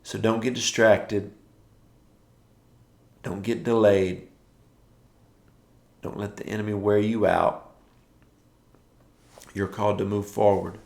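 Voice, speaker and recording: Male preacher, low gravelly voice, repetitive exhorting delivery, echoey room. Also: little pitch movement, takes it slowly, long pauses, a little mellow. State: yawning, tired from early rising. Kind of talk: morning devotional sermon.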